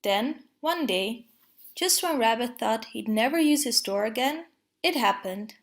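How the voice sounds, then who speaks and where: A woman reads a children's storybook aloud at a slow, unhurried pace. Her voice sits fairly high and has a gravelly edge. She stays calm and even throughout. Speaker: storybook reader.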